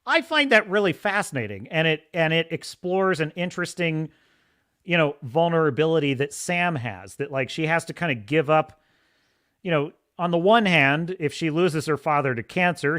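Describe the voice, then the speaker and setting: A man's voice: on the high side, animated, normal speed, a bit bright. A man hosting a livestream podcast, chatting casually and enthusiastically, rambling and laughing often. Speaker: podcast host.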